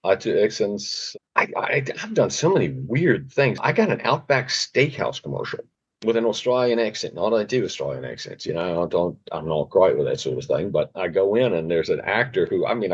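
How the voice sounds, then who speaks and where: A man, an actor, telling relaxed self-deprecating stories from his career in a casual interview. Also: sits low, a little fast, slightly rough. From Richmond. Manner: relaxed, self-deprecating, slips into other languages. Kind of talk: casual anecdotal storytelling. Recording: dull lo-fi podcast audio.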